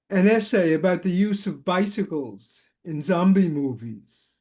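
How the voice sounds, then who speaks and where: A man, a regular on the show, reading a short cryptic poem in a deadpan way. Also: sits high, unhurried, few pauses. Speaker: regular reader. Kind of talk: poetry reading.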